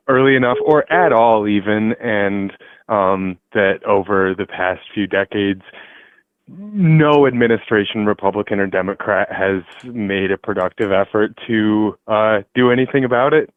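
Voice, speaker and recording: Low-voiced polite man on a phone line. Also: dry recording. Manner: hesitant, many fillers, polite. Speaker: caller. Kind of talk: phone-in comment. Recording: dry tinny phone line.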